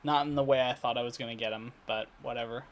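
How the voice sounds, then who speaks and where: A man talking casually in a daily video diary, rambling and halting with many fillers, restarts and throat clearing. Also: mid-range voice, steady tone. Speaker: vlogger. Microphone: computer recording setup.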